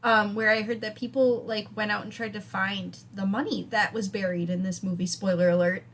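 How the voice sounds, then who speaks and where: A woman's voice: mid-range voice, steady tone, a little fast, a bit bright, a little hiss or hum. A young woman with a Wisconsin accent, co-hosting a podcast and telling wry, self-deprecating stories in a casual way. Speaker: podcast co-host. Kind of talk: casual chat.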